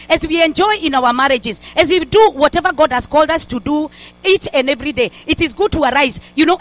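A high-voiced woman preaching a fervent sermon. She exhorts her listeners, circles back to the same refrains, and often restarts her sentences mid-phrase. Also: low-quality recording. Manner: fervent, repeats "in the mighty name of Jesus", stumbles and restarts.

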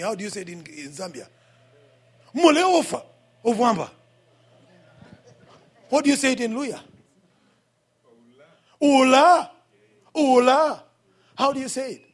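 Husky high-voiced male pastor preaching. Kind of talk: sermon. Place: church. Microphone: handheld microphone.

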